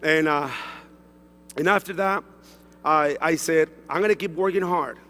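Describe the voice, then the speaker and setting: A man's voice: on the high side, unhurried, pushed and bright, in a large hall. Emotional Mexican-born man on a stage. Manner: emotional, repeats himself, broken English phrasing. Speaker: stage speaker at a sales event. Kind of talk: personal testimonial speech. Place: large event hall on stage.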